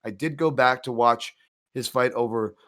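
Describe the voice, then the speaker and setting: A man's voice: mid-range voice, normal speed, fairly bright tone. A man co-hosting a betting show, analysing fights in casual chat with many restarts and asides. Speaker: co-host, MMA analyst.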